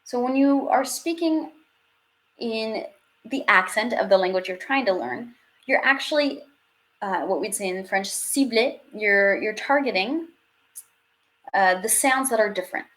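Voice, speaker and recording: A young woman leads a live online language lesson in a chatty, friendly way, laughing easily and slipping French phrases into her English. Her voice sits at an ordinary middle pitch and carries the loose rhythm of live teaching. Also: expressive, a little slow, a bit bright. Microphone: webcam or headset on video stream.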